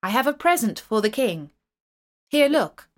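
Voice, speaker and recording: A woman's voice: fairly high pitch, very animated, measured pace. A woman voicing a poor, humble medieval knight who speaks politely and pleadingly.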